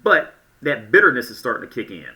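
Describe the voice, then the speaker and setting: A man's voice: medium pitch, sing-song, fast, bright, forceful tone. A man giving casual reaction commentary in a blunt, crude way, often stammering and restarting his sentences.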